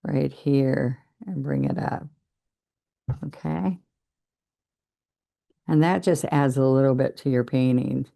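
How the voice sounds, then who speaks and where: Slow, gravelly older woman teaching painting. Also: very deep voice, mellow. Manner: chatty, encouraging, talks while working. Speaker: painting instructor. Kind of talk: relaxed painting demonstration.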